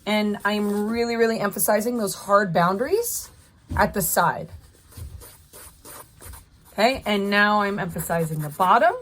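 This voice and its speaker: A woman's voice: medium pitch, lively intonation, measured pace, long pauses, fairly bright tone. A woman art teacher talking through a drawing as she works, encouraging her viewers step by step. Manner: encouraging, talks while drawing. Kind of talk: live drawing tutorial.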